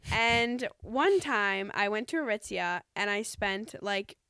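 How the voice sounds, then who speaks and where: A woman's voice: mid-range voice, animated, slow, gravelly, sharp tone, clean tone, no room sound. A young woman in casual chat, talking earnestly and rambling with lots of "like"s.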